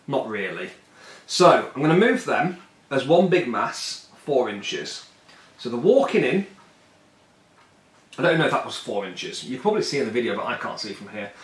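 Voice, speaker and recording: A man casually talking through a solo tabletop wargame, rambling and joking, with a fairly high voice. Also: a bit bright. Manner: rambling and jokey, puts on silly voices for the miniatures. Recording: echoey room.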